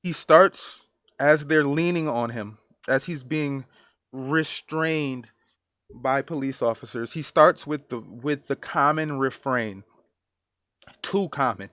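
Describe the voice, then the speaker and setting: A man giving personal commentary as a vlogger, earnest and emotional, halting and repeating phrases for emphasis. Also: medium pitch, a bit bright, no room sound, studio quality.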